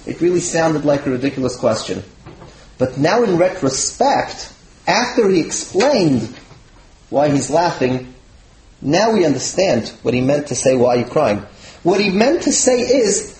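A man, a rabbi, teaching a Torah class to students with animated delivery, his voice leaping when he voices quoted sages. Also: fairly high pitch, a little slow, reverberant, slight background noise, poor audio.

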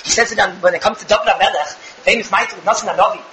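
A young man giving an animated religious lecture to a live audience, firing rhetorical questions with bursts of shouting. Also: high-pitched, racing, reverberant, background noise. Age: young adult. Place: room with an audience.

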